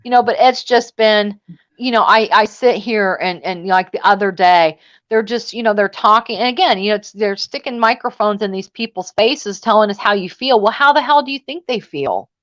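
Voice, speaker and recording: A woman in a casual chat, emotional and rambling in quick asides. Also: medium pitch, a bit bright, lo-fi sound.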